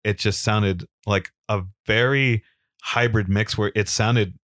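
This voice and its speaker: Male podcast co-host, low and dry, rambling and easygoing. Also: fairly even intonation, fairly bright tone, no echo. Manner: easygoing, rambling with fillers, quick laughs. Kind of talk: casual chat and wrestling recap.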